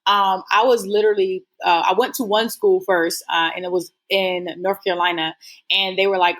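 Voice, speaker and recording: A woman's voice: mid-range voice, fairly even intonation, moderate pace, a bit bright. A woman guest telling her story in a casual interview, earnest and rambling with lots of fillers. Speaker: guest entrepreneur.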